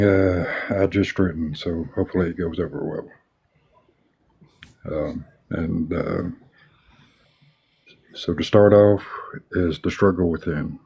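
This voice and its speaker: A man on a live online stream who chats in a laid-back way, then reads his spoken word poetry in a measured recital. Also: deep voice, warm tone, slightly rough, highs cut off. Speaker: poet.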